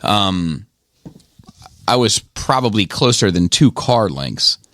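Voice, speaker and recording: A man co-hosting a podcast, telling a road-rage story in casual chat, swearing freely and acting out the shouting. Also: on the low side, big pitch swings, slow, no echo. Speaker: podcast co-host.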